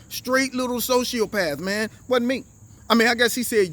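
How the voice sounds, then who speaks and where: A man's voice: high-pitched, animated, a little fast, a bit bright. A man hosting a casual commentary show, telling stories in slang and acting out the people he quotes. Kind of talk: casual political commentary and storytelling.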